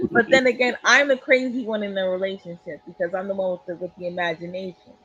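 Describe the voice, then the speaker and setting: A woman hosting a casual interview, upbeat and quick to laugh. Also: mid-range voice, fairly even intonation, a bit bright. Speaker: host. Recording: dull lo-fi recording with faint hum.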